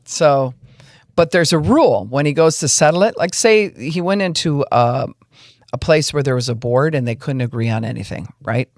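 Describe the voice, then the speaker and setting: A woman pastor hosting a casual teaching podcast, folksy and animated, acting out what she describes. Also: deep voice, moderate pace, dry recording, studio quality.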